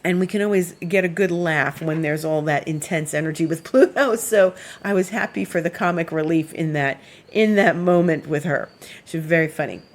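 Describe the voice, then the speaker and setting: A woman astrologer giving a casual weekly forecast, chatty and meandering with plenty of fillers. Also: fairly low pitch.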